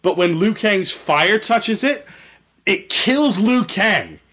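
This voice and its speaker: A man's voice: high voice, lively intonation, slow, bright, forceful tone. A young man casually retelling a story, rambling, swearing and correcting himself. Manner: rambling, profane, self-correcting. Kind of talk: casual chat.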